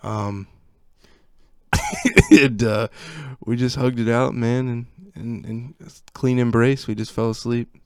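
A man's voice: medium pitch, slow, smooth, no echo, studio quality. A young man co-hosting a podcast, telling a childhood story in casual chat, laughing often and acting out what people said. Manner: laughing, animated storyteller who acts out quotes. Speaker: podcast co-host.

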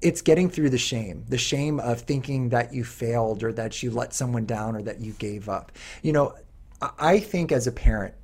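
A middle-aged man hosts a podcast, chatting casually in an earnest, slightly rambling way and often restarting his sentences. His mid-range voice has a darkish tone and a husky, breathy texture.

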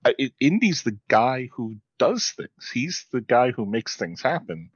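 A man co-hosting a podcast, giving measured, critical commentary in casual chat. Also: mid-range voice, sing-song, slightly rough, no room sound, dull audio. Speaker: podcast co-host.

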